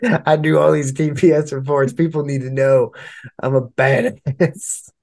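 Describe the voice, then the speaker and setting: Laughing, swearing man, higher voice. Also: little pitch movement, moderate pace, gravelly, dark tone. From United States. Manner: laughs often, swears freely. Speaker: podcast co-host. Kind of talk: casual profane banter.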